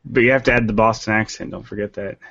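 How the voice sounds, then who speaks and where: A man's voice: lowish voice, steady tone, fast, creaky, fairly bright tone, slightly rough, no room sound. Hesitant man with dry humor, lo-fi. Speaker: podcast guest. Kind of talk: casual chat. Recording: dull lo-fi call audio.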